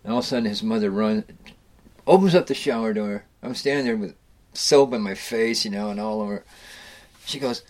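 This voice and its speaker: A man's voice: fairly low pitch, a little fast, darkish tone. A middle-aged man casually telling rambling fishing stories, swearing freely and restarting his sentences. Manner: rambling, profane, with frequent restarts and chuckles. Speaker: storyteller recounting fishing trips. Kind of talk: casual spoken storytelling.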